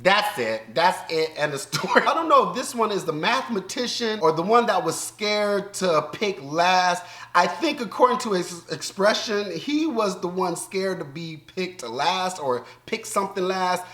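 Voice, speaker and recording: Man, Southern US accent, lively swooping pitch, echoey room, casual commentary. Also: measured pace. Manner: animated, joking, loud outbursts and laughter. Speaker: YouTube reaction host.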